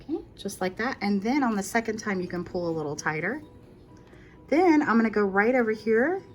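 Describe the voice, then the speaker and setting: A woman's voice: medium pitch, lively intonation, fairly quick, soft background music. A woman hosting a casual crochet tutorial, walking through each step in a chatty, reassuring way and correcting herself as she goes.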